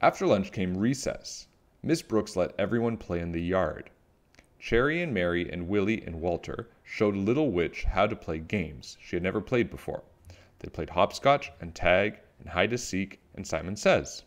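A man reading a children's book aloud, animated and expressive with playful sound effects. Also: sits low, moderate pace. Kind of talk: storybook read-aloud.

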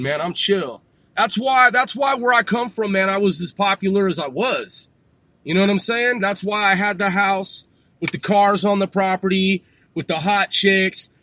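Brash high-voiced swearing man. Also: bright, forceful tone. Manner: brash, trash-talking, swears constantly, drawls "man". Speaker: vlogger. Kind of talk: profane boastful rant to camera.

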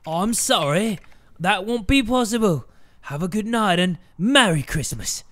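Man voicing a high, formal British shop clerk for a game. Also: expressive, a little slow, fairly bright tone, no room sound. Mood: apologetic. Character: polite male toy store clerk.

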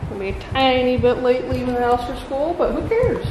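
A woman's voice: fairly quick, noisy background. A mother filming a casual family vlog at home on a small farm, talking to her kids and cooing at her goats. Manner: excitable, coos at her goats in a high sing-song.

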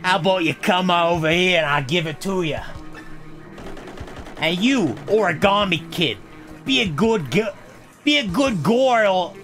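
A man's voice: high voice, animated, unhurried, pauses often, a bit bright, soft background music. A man voicing a tough-talking male tape villain with a put-on New Jersey accent and a swaggering, menacing delivery.

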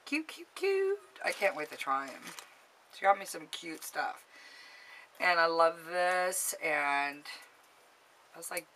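A woman's voice: low voice, slow, long pauses, sharp tone, slight background noise, poor audio. A woman chatting casually to a camera about makeup and gifts, bubbly and gushing. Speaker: beauty vlogger. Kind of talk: casual haul chat to camera.

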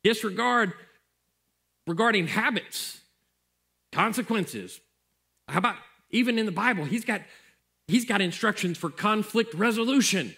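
A man's voice: high voice, lively intonation, a little slow, gravelly, pauses often, sharp tone. A male pastor preaching a sermon in a conversational way, repeating phrases for emphasis.

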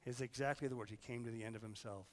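A male pastor giving a conversational sermon while fighting a sickness, his throat hoarse; he puts questions to the congregation and swings from loud, urgent lines to hushed ones. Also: mid-range voice, steady tone, quick pace, in a large hall.

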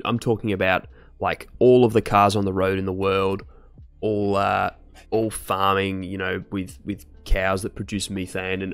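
A young man chatting casually with his live-stream chat while he studies medicine. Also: on the low side. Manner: casual, chatty, laid-back slang.

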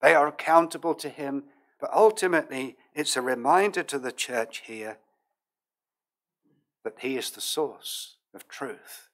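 A man preaching a sermon as pastor, in a measured, earnest manner with old King James phrasing. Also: mid-range voice, a bit bright.

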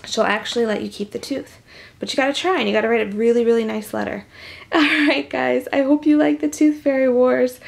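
Woman reading a children's story on camera, animated and chatty, slips into whispers, gravelly, fairly high voice. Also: brisk. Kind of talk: reading a picture book aloud to children.

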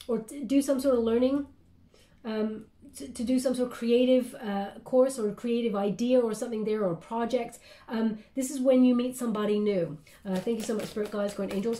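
A woman's voice: on the high side, mellow. A woman giving a casual spoken tarot reading, chatty and meandering, often checking in with her listener. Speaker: tarot card reader. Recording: roomy echo.

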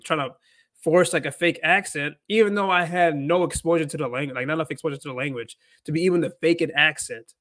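A man's voice: on the high side, fairly bright tone, dry recording. A man hosting a casual livestream, rambling with lots of "like" and restarted sentences. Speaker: host.

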